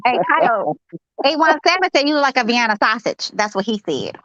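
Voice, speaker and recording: Playful woman host with a high voice. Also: very animated, brisk, fairly bright tone, no echo, lo-fi sound. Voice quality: teasing, playful. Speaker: show host. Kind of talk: teasing live-stream banter.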